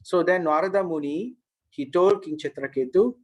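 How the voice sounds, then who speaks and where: A man's voice: fairly high pitch, a little fast, rough recording. A man telling a spiritual story to a class, earnest, with frequent restarts and checks on his listeners. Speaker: spiritual teacher.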